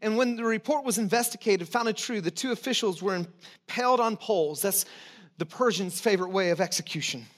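A man preaching a sermon in a conversational, emphatic way, with restarts and asides, sometimes dropping to soft encouragement. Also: high voice, a little fast. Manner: drops to soft, intimate encouragement. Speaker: pastor.

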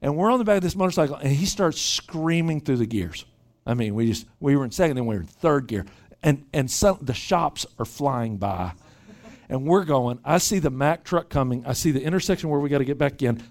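A man preaching at a retreat, telling a lively story and often repeating words as he starts sentences. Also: mid-range voice, moderate pace. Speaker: pastor. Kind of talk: sermon with storytelling.

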